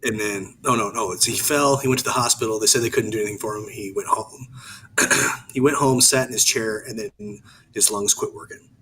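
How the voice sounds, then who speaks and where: A man co-hosting a podcast, rambling in casual chat with many halting restarts. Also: fairly low pitch, steady tone, pushed and bright, slight background noise, rough recording. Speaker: podcast co-host.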